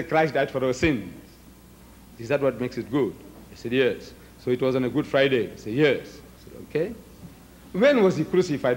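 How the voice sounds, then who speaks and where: A man's voice: on the high side, slight background noise. An older man with a South African accent giving a public debate speech, asking rhetorical questions and acting out both sides of an argument.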